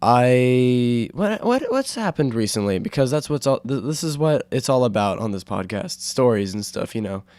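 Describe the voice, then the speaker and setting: A young man hosting a casual solo podcast, rambling with fillers and restarts, his throat sore from yelling. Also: medium pitch, very animated, moderate pace, few pauses, dry recording. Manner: rambling, full of fillers and self-corrections. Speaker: podcast host.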